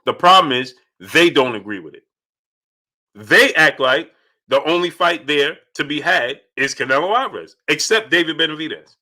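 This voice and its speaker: A man's voice: fairly high pitch, expressive, moderate pace, sharp tone. A man hosting a live boxing talk stream. He greets chat viewers by name and repeats his points with emphasis. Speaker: boxing channel host.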